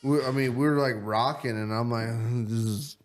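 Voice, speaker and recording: A young man co-hosting a podcast, telling stories in a loose, animated way and swearing a lot. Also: mid-range voice, fairly quick. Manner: animated storytelling, heavy swearing. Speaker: podcast co-host. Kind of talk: casual chat.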